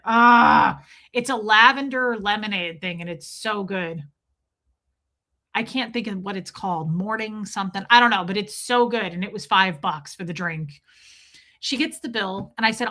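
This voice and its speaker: A woman's voice: mid-range voice, bright, forceful tone. A woman in her forties chatting animatedly, telling a story to a live chat and breaking off to greet viewers. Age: 40s. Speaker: livestream host.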